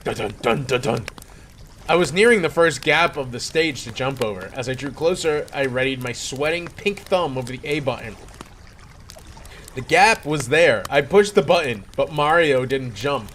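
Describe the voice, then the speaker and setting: A man's voice: fairly high pitch, expressive, normal speed, fairly bright tone, a little hiss or hum. Mock-dramatic male storyteller. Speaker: creepypasta reader. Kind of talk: comedic horror story reading.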